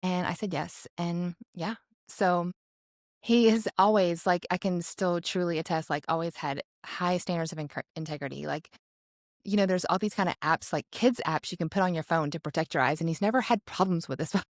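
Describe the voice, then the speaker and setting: A woman in her forties co-hosting a podcast, telling a story in a chatty, animated way and acting out quoted lines. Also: lowish voice, normal speed, dry recording, clean studio sound. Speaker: podcast co-host. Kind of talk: casual storytelling chat.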